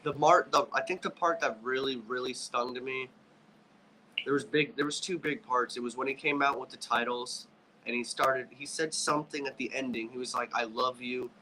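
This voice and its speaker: On a wrestling review podcast, a male co-host chats casually, getting emotional and rambling while restarting his sentences often. His mid-range voice is fairly even in intonation, at a normal speed, with background noise present.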